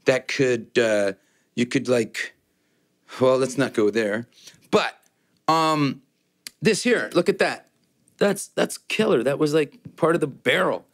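A man's voice: medium pitch, takes it slowly, long pauses. A man casually demoing a guitar, loose and joking, rambling with restarts and fillers. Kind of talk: casual gear demo chat.

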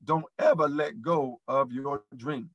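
A man's voice: mid-range voice, unhurried, a bit bright, no room sound, dull audio. A man hosting a live motivational show, speaking in a preachy, repeating, encouraging way to his audience. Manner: preachy, repetitive encouragement, addresses audience as y'all. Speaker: host.

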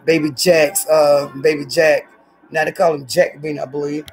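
A woman's voice: low voice, level tone, moderate pace, darkish tone, soft background music. A woman chatting casually to her viewers from home on a hot day. She rambles from one thing to the next and keeps calling the audience y'all. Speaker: vlogger.

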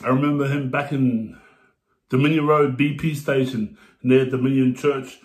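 A man's voice: mid-range voice, fairly even intonation, moderate pace. A man chatting casually and telling a rambling, profane story while reacting to a music video. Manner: profane, laid-back, rambling. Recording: echoey room.

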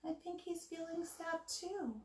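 Teacher, woman, reads a children's picture book aloud, high and lively, in an echoey room. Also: a little slow. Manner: animated, gasps, asks listeners questions.

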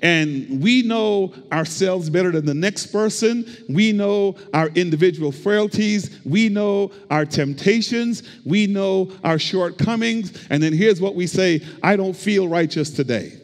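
High-voiced man preaching in a reverberant church. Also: measured pace, few pauses. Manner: preachy call-and-response, rhythmic repetition. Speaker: pastor. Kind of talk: sermon. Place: church sanctuary. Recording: long hall reverb.

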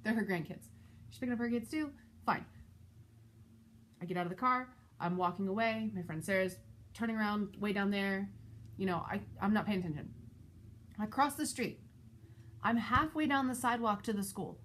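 A woman vlogger and mother telling a personal story in a casual, animated, exasperated way. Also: normal speed, long pauses, a little hiss or hum. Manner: animated, exasperated retelling with shifting pitch. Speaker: parent of school-age kids.

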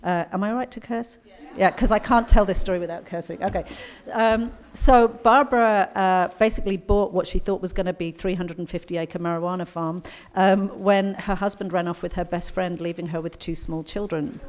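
A woman's voice: fairly low pitch, steady tone, brisk, few pauses. A middle-aged woman with an English accent, an author speaking at a conference luncheon in a chatty, anecdotal storytelling manner. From England.

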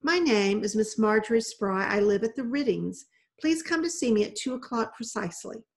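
A shy, cautious older lady in a storybook, speaking formally and hesitantly on the telephone, voiced by a woman reading aloud. Her words come slowly and carefully, as if she is not used to calling. The voice sits only a little above the reader's own. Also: a little high, animated.

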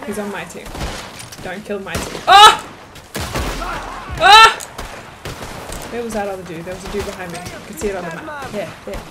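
A young woman giving casual let's-play commentary as a gaming streamer, excitable and quick to exclaim and laugh. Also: medium pitch, heavy background noise.

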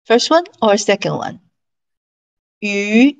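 A woman teaching an online language class, slowly and patiently drilling syllables and tones for her students to repeat. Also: mid-range voice, lively intonation, gravelly, poor audio.

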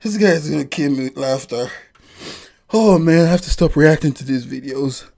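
A woman's voice: low-pitched, moderate pace, creaky, mellow. A woman hosting a reaction video, talking casually between fits of amused, breathless exclamations.

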